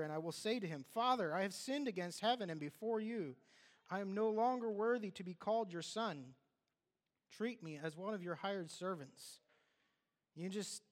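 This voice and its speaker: A man preaching a sermon, reading scripture aloud and then building to excited, exclaiming passages. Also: sits high, big-room sound.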